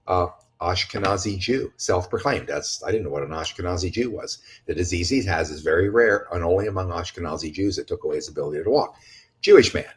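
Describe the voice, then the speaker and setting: A man with a fairly low voice speaking in a relaxed podcast chat. He talks bluntly and emphatically, swears freely and wanders through asides and restarts. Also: fast, slight background noise. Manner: rambling with frequent restarts and asides. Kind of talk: casual conversational podcast talk.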